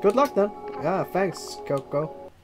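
Slow, slightly high man reading game dialogue. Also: expressive, music in the background. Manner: halting reading with fillers and laughs. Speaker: game let's player reading and voicing characters. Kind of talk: casual let's-play dialogue reading.

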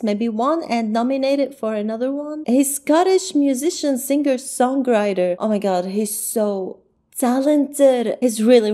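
A woman's voice: a little high, warm tone. A woman hosting a music reaction video, talking earnestly and emotionally and full of "like" fillers. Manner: earnest and gushing, with many "like" fillers. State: emotional, close to tears. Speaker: music reaction channel host. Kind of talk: casual reaction commentary.

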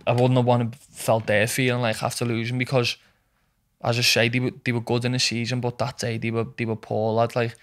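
A young man tells match stories with animated energy and drops "lad" into nearly every sentence. He talks at a middling pitch in an easygoing, chatty way. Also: brisk. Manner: animated storytelling, says "lad" constantly. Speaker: footballer guest. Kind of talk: casual chat.

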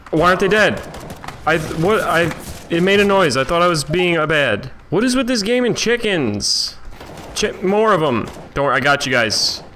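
Bright-voiced young man gaming. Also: fairly high pitch, moderate pace, slight background noise. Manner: excitable, swearing, self-mocking. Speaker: gamer. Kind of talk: let's play commentary.

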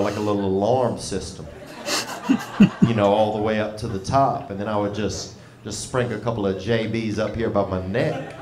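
A comedian with a lowish voice drawls through a loose, meandering routine full of Southern slang before a live crowd. The recording captures a spacious club, with background noise and the audience laughing.

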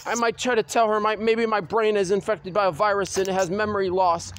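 Man, strikingly high pitch, solo rant, swearing, repetitive, loud outbursts. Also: level tone, a little fast.

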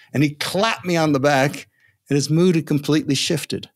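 Animated older man telling a story. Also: mid-range voice, brisk, vocal fry. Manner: animated storyteller, acts out quoted voices. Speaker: negotiation expert guest. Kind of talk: storytelling in a podcast interview.

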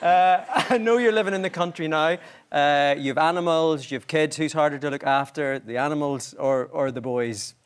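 A man's voice: a little high, moderate pace, hardly any pauses. A man hosting a chat show, putting friendly, prompting questions to his guest. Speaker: talk show host. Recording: studio audience noise behind.

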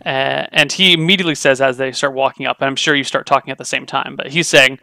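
Bright-voiced game master man. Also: mid-range voice, steady tone, fast, vocal fry, few pauses, no echo, studio quality. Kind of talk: narrating a tabletop game.

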